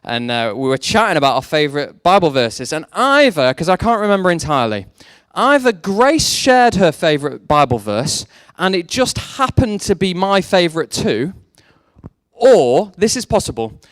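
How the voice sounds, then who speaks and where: A man's voice: fairly high pitch, sing-song, normal speed, clear, resonant tone, dry recording, clean studio sound. A young man preaching a sermon, mixing faith talk with self-deprecating jokes about his past. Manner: jokey, self-deprecating storytelling. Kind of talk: sermon with personal stories.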